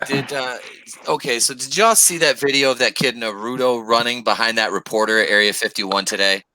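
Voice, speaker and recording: Male co-host, lively storyteller, bright tone. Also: medium pitch, fairly quick, a little hiss or hum, poor audio. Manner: animated storyteller, acts out quotes. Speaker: podcast co-host. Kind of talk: casual podcast chat.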